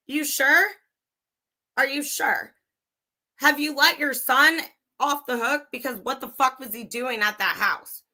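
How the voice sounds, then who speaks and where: A woman's voice: sits high, unhurried, pauses often, pushed and bright. A young woman livestreaming true crime commentary, angry, sarcastic and swearing freely as she reads and reacts. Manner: profane, sarcastic, heated.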